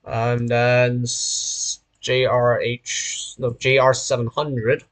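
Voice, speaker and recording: A man's voice: medium pitch, flat delivery, slow. A young man from Hong Kong with a British-sounding accent and a sore throat, chatting casually on a stream, rambling and often correcting himself mid-sentence. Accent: British-sounding English. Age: young adult. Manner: rambling and self-correcting, often restarting phrases. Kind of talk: casual live-stream chat while playing a train simulator.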